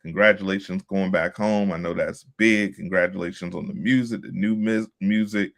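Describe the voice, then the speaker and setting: A man's voice: sits low, fairly even intonation, moderate pace, vocal fry, a bit bright. A man from Virginia hosting a casual interview, talking in an upbeat hype style with punchy catchphrases. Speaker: podcast host.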